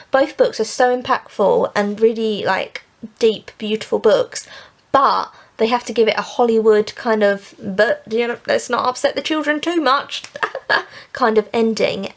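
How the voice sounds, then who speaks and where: A woman's voice: mid-range voice, creaky. A young woman from England chatting casually in a book vlog, rambling and laughing often. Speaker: book vlogger.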